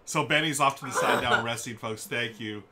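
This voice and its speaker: A man's voice: mid-range voice, a little fast, over a noisy crowd. A man hosting a casual live stream of a board game, chatting with viewers and often breaking into laughter. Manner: giggly, keeps breaking into laughter. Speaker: livestream host. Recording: loud background noise.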